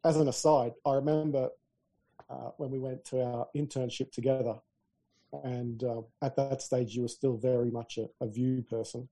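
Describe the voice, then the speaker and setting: A man's voice: medium pitch, level tone, normal speed, warm tone. A man co-hosting a podcast, chatty and easygoing, telling stories in casual conversation. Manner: chatty, laughing easily, storytelling. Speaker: podcast co-host. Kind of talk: casual tech chat.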